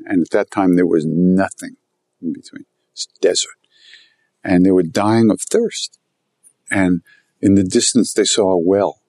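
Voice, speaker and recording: Man, low voice, rambling animated storyteller, dry close sound. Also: no room sound. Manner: rambling, animated, repeats himself. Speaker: guest telling stories about his teacher. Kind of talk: conversational storytelling.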